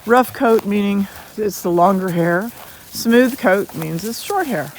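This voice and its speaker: A woman's voice: medium pitch, lively intonation, slow, a little hiss or hum, poor audio. A woman dog breeder hosting a casual vlog outdoors in a pasture, talking informally about her dogs. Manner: chatty, informal, breaks off to call her dogs. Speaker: dog breeder and channel host.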